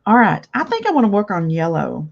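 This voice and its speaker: A woman's voice: mid-range voice, wildly swooping pitch, a little fast, vocal fry, highs cut off. An older woman hosting a casual live craft chat, chatty and reading viewer comments aloud with frequent laughs. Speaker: craft channel host.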